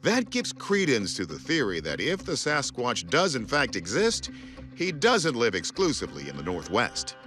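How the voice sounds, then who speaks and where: Lively male documentary narrator. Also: medium pitch, normal speed. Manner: dramatic, lively intonation. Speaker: host. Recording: voice-over with music.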